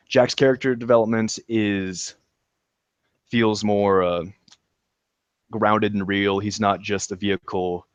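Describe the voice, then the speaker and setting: A man with a fairly low voice eagerly recaps a show in casual podcast chat. He laughs often and trips over his words with ums and restarts. The sound is dry and close, with no room around it. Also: no echo, highs cut off. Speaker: podcast co-host reviewing a show.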